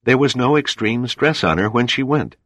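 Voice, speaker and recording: A deep-voiced man yelling as a young navy ensign, hoarse and strained, shouting over the roar of a storm. His voice is pushed high, well above his usual pitch, and stays raw and loud. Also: animated, normal speed, dry recording.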